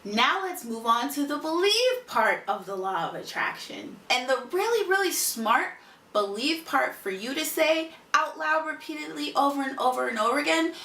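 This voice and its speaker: A high, animated woman coaching one listener with emphatic, repetitive lines. Her voice is bright and sits back from the mic. The room around her is echoey. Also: normal speed, recorded from a distance. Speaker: motivational speaker. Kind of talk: motivational address to one listener.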